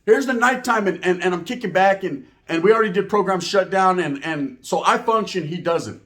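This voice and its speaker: A man's voice: high voice, a little fast, a bit bright. A man telling a rambling, profane story in heavy street slang, tagging lines with "right?". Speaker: storyteller recounting prison life. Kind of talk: casual storytelling.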